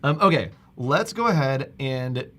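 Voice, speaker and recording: A man hosting a live stream, casually walking viewers through a software demo step by step. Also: medium pitch, lively intonation, measured pace. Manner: casual, talks viewers through steps on screen. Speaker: livestream host.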